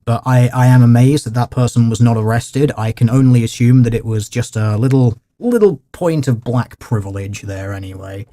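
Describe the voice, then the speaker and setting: A man holds forth to his livestream chat in a dry, mock-formal, sardonic tone. His voice sits at an ordinary middle pitch. He sounds like a commentator picking apart a clip for his viewers. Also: moderate pace, few pauses, warm tone. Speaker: livestream host.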